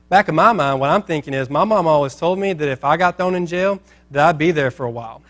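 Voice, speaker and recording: A male pastor telling a story in a sermon, animated and acting out the people in it. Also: mid-range voice, normal speed.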